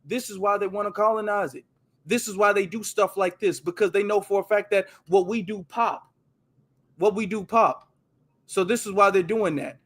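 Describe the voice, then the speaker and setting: A man's voice: sits high, steady tone, moderate pace, fairly bright tone. A man hosting his channel, giving emphatic, repetitive casual commentary over a video he plays. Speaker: host commenting on street footage.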